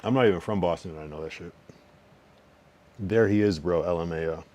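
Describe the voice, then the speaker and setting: Young male streamer, low register, loose slangy trash talk aimed at chat. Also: a little mellow. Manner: teasing, trash-talking banter with swearing and slang; loose, rambling delivery with restarts and drawn-out counting. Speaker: livestreamer. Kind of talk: casual livestream chat, reading and answering chat.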